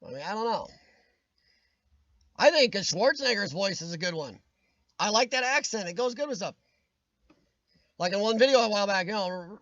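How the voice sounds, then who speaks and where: Livestream host, a man with a high, nasal, worn voice that cracks at times, joking to chat over a dull, dry webcam. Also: animated, moderate pace, pauses often, a bit bright, no echo. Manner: rambling, jokey, laughs often. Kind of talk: casual chat.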